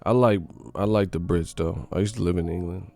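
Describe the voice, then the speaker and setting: A man hosting a boxing channel livestream, chatting casually with slangy, profane banter and shout-outs to viewers. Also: low voice, fairly quick, gravelly. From California.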